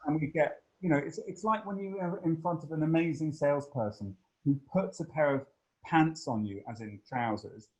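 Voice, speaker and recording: A man giving a long, animated interview answer, full of fillers and playful asides. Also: fairly high pitch, moderate pace, low-quality recording. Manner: expansive, animated storytelling with many fillers.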